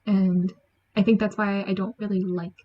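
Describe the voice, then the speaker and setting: A woman giving a chatty, animated book review, acting out lines from the story. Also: medium pitch, normal speed, slight background noise. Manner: chatty, animated, acts out quotes. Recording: dull lo-fi sound.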